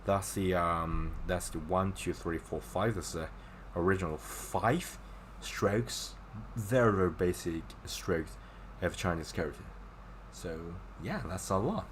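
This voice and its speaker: Male tutor, unhurried, chatty and encouraging, walks through examples step by step. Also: low voice, a little hiss or hum. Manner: chatty, explains with gestures and repeated examples. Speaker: Chinese teacher. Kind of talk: casual online language lesson.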